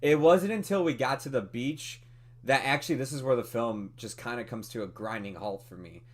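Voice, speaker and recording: A man co-hosting a movie podcast, talking through a film review in a casual, animated way with lots of fillers and laughs. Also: medium pitch, brisk. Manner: animated, chatty, many fillers, laughs often.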